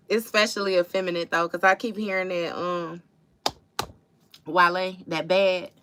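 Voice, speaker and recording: Woman tarot reader, casual livestream, lowish forceful voice, blunt, profane, repeats herself for emphasis. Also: level tone, normal speed, slight background noise. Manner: blunt, profane, calls listeners baby and y'all; emphatic repetition.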